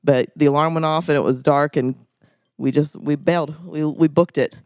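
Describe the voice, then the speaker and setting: A woman co-hosting a podcast, retelling stories in an animated casual chat. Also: low voice, moderate pace, no echo, clean studio sound. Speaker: podcast co-host.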